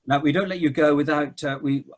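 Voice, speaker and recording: A man, a cathedral dean, hosting a casual interview, speaking haltingly and repeating words as he goes. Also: a little high, fairly even intonation. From not from Cornwall.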